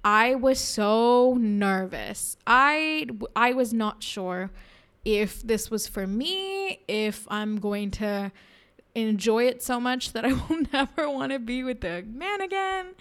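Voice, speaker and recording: A woman's voice: a little high, lively intonation, slow, fairly bright tone, clear, resonant tone. Frank, laughing young woman. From India. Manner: frank, laughs often, self-conscious. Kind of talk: candid personal monologue.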